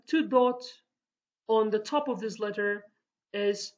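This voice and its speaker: A woman teaching a language lesson, sounding out each letter several times and often correcting herself. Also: mid-range voice. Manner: repeats each sound slowly, with fillers and self-corrections. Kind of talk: casual spoken lesson. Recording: dull lo-fi recording.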